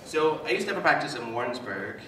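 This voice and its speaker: A man speaks as a psychotherapist to a live audience, mixing lecture points with animated, self-mocking stories. He sits at a middle pitch for a man. He is picked up from some distance in a reverberant hall with audible background noise. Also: fast talker. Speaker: psychotherapist giving a talk. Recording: echoey hall, mic at a distance, noisy.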